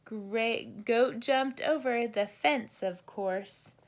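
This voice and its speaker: Casting: woman teacher reading a bedtime story to children, gentle, sing-song, very slow and unhurried. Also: on the high side. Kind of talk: children's storybook read-aloud.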